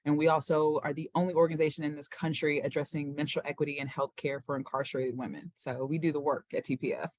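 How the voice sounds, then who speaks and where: A woman with a Southern Louisiana accent speaking on a panel call, lively and folksy, laughing easily. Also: deep voice, fast talker, hardly any pauses, no echo. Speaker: panelist, nonprofit founder.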